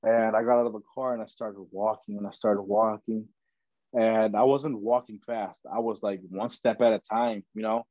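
The dull, dry lo-fi audio features a young man guesting on a podcast, loosely telling his story with plenty of "man" and "bro." He speaks at a moderate pace in a fairly low voice with fairly even intonation and no echo.

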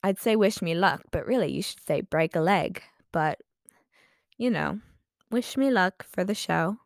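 A woman's voice: lowish voice, animated, measured pace, creaky, no echo, clean studio sound. A woman chatting casually in a vlog, rambling and self-deprecating with lots of fillers, her voice a bit tired. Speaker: vlogger.

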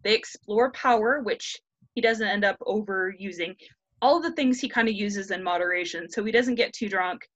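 A woman's voice: mid-range voice, fairly bright tone, dry recording. A woman in her thirties retells an old tale with a casual, cheeky edge, swearing freely and jumping into characters' lines. Her voice is close and dry, with no room sound. The audio is slightly dull and lo-fi. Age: 30s. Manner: irreverent, profane, quick to act out characters' lines. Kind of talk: casual retelling of a classic story.

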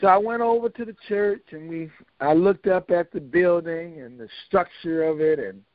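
Older man, folksy joking storyteller, slightly high voice, dry sound. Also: moderate pace, dry recording. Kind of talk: casual storytelling. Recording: dull, lo-fi dry recording.

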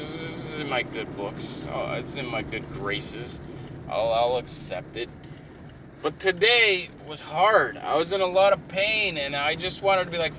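A man ranting in a frustrated, profane and rambling way while driving and parking his car. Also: fairly high pitch. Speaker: vlogger. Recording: distant mic with clear car road noise.

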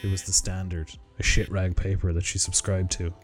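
Low-voiced guy reading a short story aloud, steady pace, music bed behind him. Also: normal speed. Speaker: narrator reading short stories.

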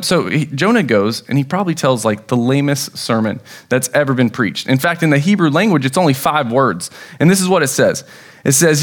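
A man's voice: medium pitch, expressive, fairly quick. Young American man preaching casually. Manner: informal, storytelling with acted quotes and fillers. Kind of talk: casual sermon. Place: church sanctuary.

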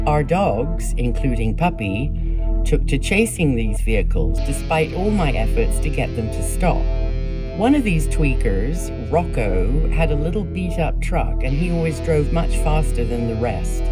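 Woman, very low mellow voice, measured memoir narration over faint music. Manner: measured, plain storytelling with blunt profanity in quotes. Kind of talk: first-person memoir reading.

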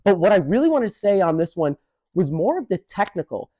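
Male podcast co-host, higher voice, eager casual commentary, dry close recording. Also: sing-song, brisk, warm tone, no echo, low-quality recording. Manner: enthusiastic, detail-focused commentary. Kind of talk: casual chat.

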